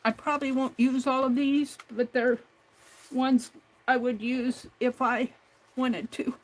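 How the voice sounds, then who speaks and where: A woman hosts a craft livestream from her home desk, casually talking herself through each step. Her voice is high-pitched and level, and she speaks a little slowly.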